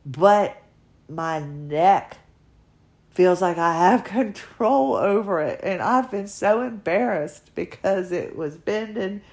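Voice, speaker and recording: A middle-aged woman speaking in an unhurried, drawn-out way, her pitch sitting right in the middle. She talks in an earnest, emotional manner as she shares a casual personal podcast monologue and encourages her listeners. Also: animated, darkish tone. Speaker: podcaster sharing her health journey.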